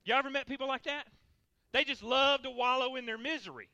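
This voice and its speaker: A man's voice: very high-pitched, fairly quick, bright, forceful tone, dry recording, dull audio. A male pastor preaching a sermon, emphatic, repeating key lines for the congregation.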